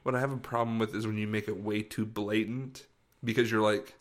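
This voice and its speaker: A man's voice: on the low side, steady tone, fairly quick. A man in casual chat, rambling and searching for words as he tells a story.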